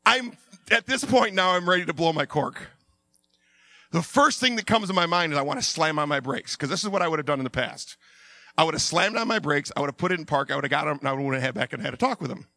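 A middle-aged man preaching through a personal story, animated, acting out his own voice, sometimes dropping low and quiet. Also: fast, no echo. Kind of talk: sermon told as a personal story.

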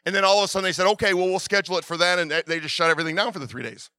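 A middle-aged man preaching a sermon, telling stories with many restarts and swinging from loud urging to quiet asides. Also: high-pitched, rapid-fire, clean tone, dry recording, clean studio sound. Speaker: pastor.

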